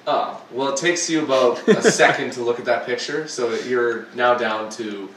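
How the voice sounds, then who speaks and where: A man co-hosting a podcast in casual chat, joking and teasing with quick wisecracks. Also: medium pitch, a bit bright, roomy sound, slight background noise, rough recording. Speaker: podcast co-host.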